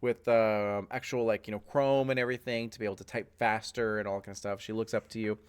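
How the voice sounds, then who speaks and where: A man's voice: fairly low pitch, fairly even intonation, fast, smooth. A man narrating as game master, rambling with plenty of fillers.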